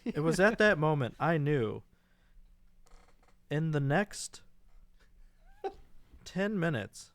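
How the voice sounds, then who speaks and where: Slow-talking man reading back his notes. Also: on the high side, very animated, a bit bright, no room sound. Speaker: podcast co-host. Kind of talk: casual chat.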